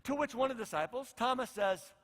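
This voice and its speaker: A man's voice: very high-pitched, expressive, quick pace, a bit bright, long reverb tail. A male pastor preaching a conversational sermon, acting out the lines of the people in his story. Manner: conversational, acts out the disciples' lines.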